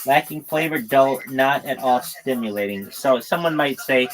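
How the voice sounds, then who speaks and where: A man hosting a livestream who explains vocabulary words one by one, pausing often and talking to his viewers. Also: mid-range voice, soft background music, poor audio. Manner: explains slowly, pauses often, talks to the chat. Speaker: livestream host teaching vocabulary. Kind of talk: casual vocabulary lesson on a livestream.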